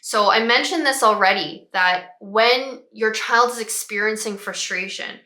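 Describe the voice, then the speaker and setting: Bright-voiced woman giving parenting advice. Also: mid-range voice, measured pace, echoey room. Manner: calm, explanatory, models phrases for parents. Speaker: child behavior expert.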